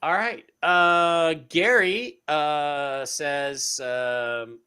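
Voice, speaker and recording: A man's voice: on the high side, very slow, smooth. A man co-hosting a live stream, reading out viewer donations and their questions. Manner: reads donor messages aloud, animated.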